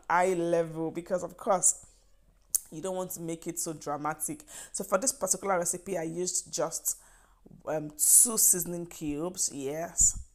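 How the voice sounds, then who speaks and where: A woman's voice: low voice, darkish tone. A woman with a Nigerian accent walks viewers through a recipe in a chatty, encouraging way, often stressing her points with "yes" and "trust me". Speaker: cooking vlogger. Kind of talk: cooking demonstration.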